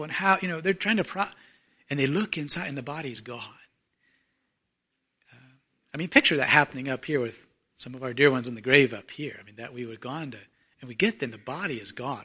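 A male preacher tells a story from the pulpit in a church. His voice sits high and sounds bright and forceful. He acts out the voices of the people in the story, rising loud and then falling almost to a murmur. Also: lively intonation, brisk. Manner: storytelling, acting out voices, swings from loud to very soft. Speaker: pastor. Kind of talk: sermon.

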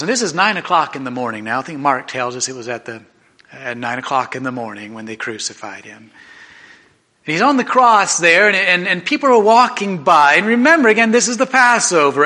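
A man preaching a sermon in an animated, conversational way, often restarting his sentences. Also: fairly high pitch. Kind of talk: sermon storytelling.

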